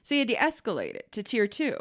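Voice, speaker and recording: On a podcast, a woman co-host with a high-ish voice talks fast and casually. She's an animated storyteller who acts out the dialogue in her story using other voices.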